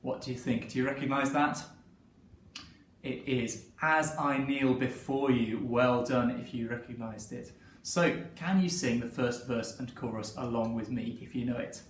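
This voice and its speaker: A man's voice: medium pitch, fairly even intonation, a little slow. A man leading a children's singing lesson, talking in a friendly, encouraging way. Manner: friendly, encouraging, sings along. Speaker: singing teacher. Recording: roomy sound from a distance with piano. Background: piano.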